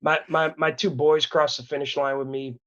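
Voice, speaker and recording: A man's voice: fairly high pitch, level tone, moderate pace, fairly bright tone, dull audio. A man in his thirties from Wisconsin, telling a personal story as a podcast guest in a candid, earnest, rambling way with many restarts. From Wisconsin, USA. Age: 30s.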